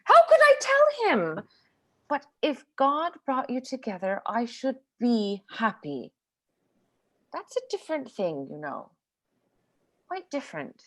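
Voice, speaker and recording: A woman playing a gentle older sister who comforts and advises, read over a video call. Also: fairly high pitch, wildly swooping pitch, slow pace, pauses often, full character voice. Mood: earnest. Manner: soothing, coaxing. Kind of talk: cold-read stage drama.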